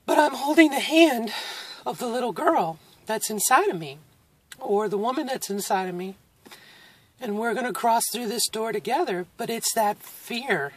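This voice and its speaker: A woman in her forties records a candid video diary, her voice pitched a little high. She speaks in an emotional, halting way, close to tears and breaking into nervous laughs. Her tone stays reflective as she talks. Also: animated, slightly rough. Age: 40s. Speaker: vlogger.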